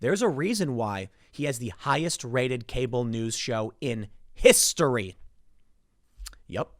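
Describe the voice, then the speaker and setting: A man's voice: mid-range voice, unhurried, no echo, studio quality. A man in his thirties giving solo political commentary, talking animatedly and acting out the people he quotes. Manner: animated, acts out quoted voices.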